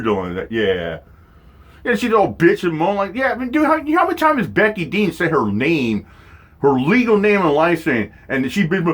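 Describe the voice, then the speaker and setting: A man's voice: expressive, moderate pace, a bit bright. A man hosting a stream, ranting in a profane, mocking, casual way. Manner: mocking, mimics others in high voices. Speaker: streamer host.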